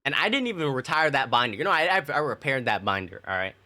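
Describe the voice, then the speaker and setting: A man's voice: mid-range voice, sing-song, quick pace, sharp tone. A young man casually telling childhood stories to his stream chat, rambling and swearing with plenty of fillers. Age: young adult. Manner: rambling, profane, lots of fillers.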